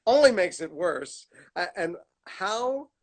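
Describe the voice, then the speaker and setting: A middle-aged man telling animated stories in a casual chat over a video call, laughing often. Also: high-pitched, slow. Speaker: guest actor. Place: at home.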